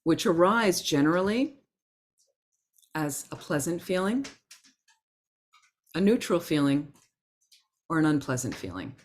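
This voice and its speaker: A woman teaching a Buddhist class in a gentle, conversational way, acting out her inner thoughts as examples. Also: low-pitched, big pitch swings, unhurried, long pauses. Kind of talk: Dharma talk to a class.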